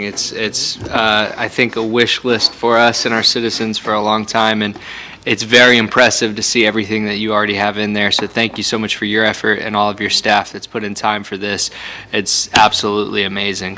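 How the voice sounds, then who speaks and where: A man's voice: lowish voice, pushed and bright, slight background noise. A man chairing a city meeting, appreciative and conversational.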